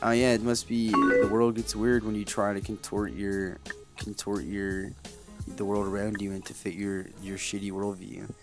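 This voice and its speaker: A man's voice: lowish voice, little pitch movement, moderate pace. A young man swearing freely as he tells a heated story and comments on a game. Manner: profane, blunt and heated. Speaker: let's play host. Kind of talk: casual gameplay commentary and storytelling. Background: game music.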